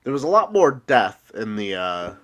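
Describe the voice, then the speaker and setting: A man's voice: fairly low pitch, very animated, normal speed. A congested man hosting a casual podcast, explaining at length as he recaps the episode. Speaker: podcast host.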